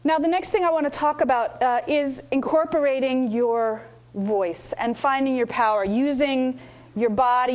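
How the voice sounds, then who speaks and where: A woman with a high voice coaches a lively teaching workshop at normal speed. As the instructor, she's energetic and demonstrates with exaggerated voices. The room recording is dull and lo-fi.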